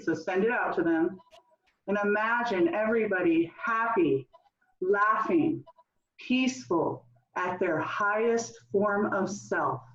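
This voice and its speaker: Woman, laughter yoga leader on a video call, unhurried, cheerful; dull lo-fi sound. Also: medium pitch. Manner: cheerful, coaxing instructions. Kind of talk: guided laughter yoga session. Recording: roomy, distant, dull lo-fi sound.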